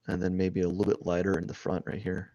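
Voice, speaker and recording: A man with a low, gravelly voice narrates his drawing on a live stream, rambling as he thinks aloud and restarting his sentences. The sound is dry and a little dull and lo-fi. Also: monotone, fast talker, no echo. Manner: rambling, thinking aloud, many restarts, often trailing off quietly.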